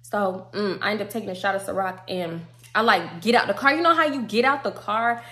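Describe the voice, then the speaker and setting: A young woman telling a personal story in a slangy, animated way, acting out what people said. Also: medium pitch, a little fast. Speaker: storytime vlogger. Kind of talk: casual storytelling.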